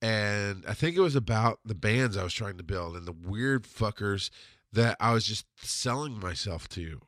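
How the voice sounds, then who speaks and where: A man telling a personal story in a blunt, profane, confessional monologue, dropping to a murmur and then bursting out loudly. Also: animated, normal speed, no room sound. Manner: blunt and profane, swings from low murmur to loud outbursts. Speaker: podcast host answering a listener question.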